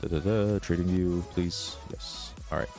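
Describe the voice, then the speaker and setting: A man with a raspy voice, chatting casually as a trading streamer, relaxed and swearing now and then. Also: low-pitched, a little slow, music in the background. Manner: relaxed, swears, laughs often. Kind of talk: casual live-stream chat.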